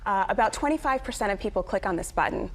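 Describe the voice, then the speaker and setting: A woman's voice: medium pitch, fast talker. Brief: woman from Jamaica, comedian guest on a talk show, dry and playful delivery. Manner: deadpan, playful.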